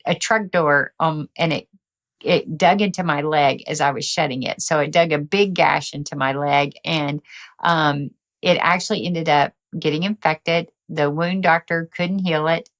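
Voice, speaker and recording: A middle-aged woman telling her story as a podcast guest, energetic and quick to laugh. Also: sits low. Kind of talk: casual interview talk.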